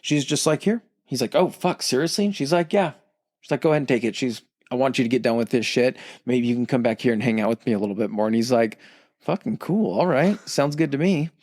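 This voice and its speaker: A man of middle pitch retells an old myth as casual podcast chat, cursing freely and joking around. He drops into quick impressions of the characters without breaking stride. The sound is dry and close, with no room echo. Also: darkish tone. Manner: profane, jokey retelling with quick character voices. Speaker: podcast co-host.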